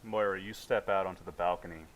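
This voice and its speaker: Man, game master, lowish voice, casual vivid narration, tabletop game. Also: steady tone, quick pace, slight background noise, low-quality recording.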